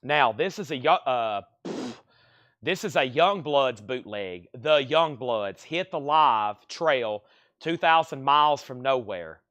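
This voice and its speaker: Selling records on a livestream auction, this man with a medium-pitched voice keeps a brisk patter going over grades, bids and prices. Now and then he coughs from allergies, and the sound has no echo.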